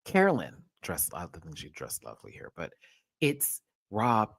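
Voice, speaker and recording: A man hosting a casual TV show recap, profane and animated, jumping from loud outbursts to low muttering. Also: measured pace, creaky, husky, no echo.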